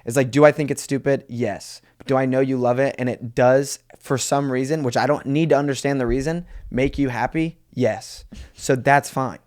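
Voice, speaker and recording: A young man co-hosting a comedy podcast, chatting casually and teasing his partner. His voice sits in the middle of the usual male pitch, and he tells his stories in an easy, laid-back way. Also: normal speed. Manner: relaxed storytelling, playful teasing. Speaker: podcast co-host.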